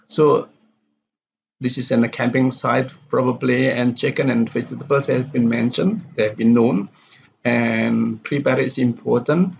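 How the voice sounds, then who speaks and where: A man's voice: mid-range voice, fairly even intonation, a little slow, gravelly. A man teaching a pronunciation lesson, reading example sentences aloud and then explaining which words take stress. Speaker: pronunciation lecturer. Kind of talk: classroom lecture on word stress. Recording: dull, lo-fi with faint background noise.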